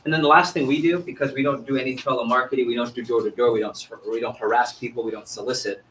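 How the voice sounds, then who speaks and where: A man's voice: medium pitch, fairly even intonation, quick pace, a bit bright, a little hiss or hum. Man coaching a sales seminar. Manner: quizzes the audience, upbeat and chatty. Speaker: sales trainer. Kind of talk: interactive training seminar talk.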